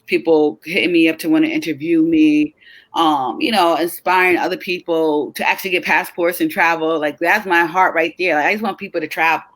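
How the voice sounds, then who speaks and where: A woman's voice: sits low, fairly quick, poor audio. Chatty upbeat woman, tired. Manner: chatty, upbeat, with bursts of excitement and many fillers. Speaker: co-host of a web talk show. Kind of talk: casual chat.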